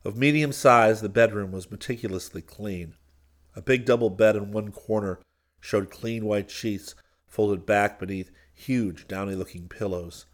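A man reading a story aloud as an audiobook narrator, in a measured, even storytelling manner. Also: fairly low pitch. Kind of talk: scripted narration.

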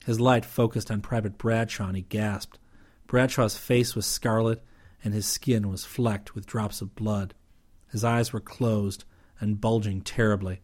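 A man narrates an audiobook in a steady, even storyteller's delivery. His voice sits on the low side, calm and measured from line to line.

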